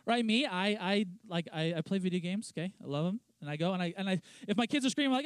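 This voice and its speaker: A young man, a pastor, preaching a conversational sermon with many restarts, dropping into a lower, quieter voice for quoted lines. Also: expressive, fast, clear, resonant tone, no echo. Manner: conversational, lots of restarts and "let's be honest" asides.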